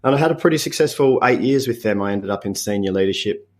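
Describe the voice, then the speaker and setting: A man in his fifties with an Australian accent, a podcast guest talking in a relaxed, reflective way with frequent chuckles and halting restarts. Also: on the low side. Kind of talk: casual interview chat.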